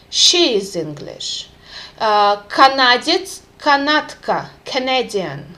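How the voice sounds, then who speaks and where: Slow-speaking woman teaching vocabulary. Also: sits high, bright, forceful tone. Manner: careful, clear pronunciation with repeated examples. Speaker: language teacher.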